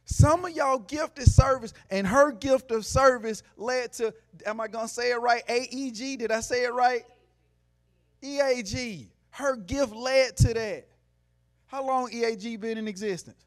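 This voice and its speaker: A man giving a motivational talk to a live audience in a room, preachy, asking the crowd questions, going from quiet to loud. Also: very high voice, moderate pace. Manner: preachy, call-and-response, swings from soft to loud. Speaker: motivational speaker.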